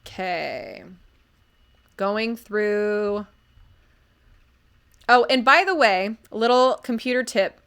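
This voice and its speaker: An American woman in her thirties talks casually on a live stream, reviewing stories and replying to chat. She is chatty and fills her speech with ums. Her voice sits at an ordinary pitch for a woman. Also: lively intonation, very slow, long pauses, fairly bright tone, smooth. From United States.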